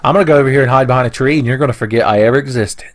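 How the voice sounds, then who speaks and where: Rattling off commentary rapid-fire in a mid-range voice, this man narrates his own gaming footage with crude humor and meandering tangents, putting on mocking voices for the enemies.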